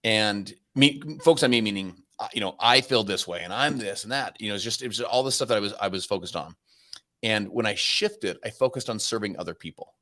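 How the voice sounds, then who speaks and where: A man in his forties, a podcast guest, telling a story in an energetic, conversational way with many restarts. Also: fairly low pitch, brisk.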